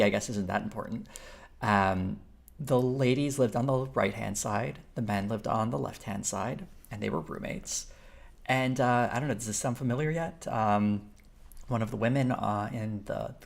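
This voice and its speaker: A man with a somewhat low, gravelly voice chats casually on a live stream. He thinks out loud as he goes, wandering between thoughts and picking up viewer comments. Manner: rambling, thinks aloud, with fillers and restarts while reading chat.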